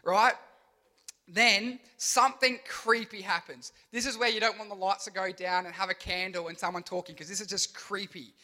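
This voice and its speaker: A young man preaching an energetic youth sermon, telling stories with sound effects and funny voices. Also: high voice, moderate pace. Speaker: youth pastor.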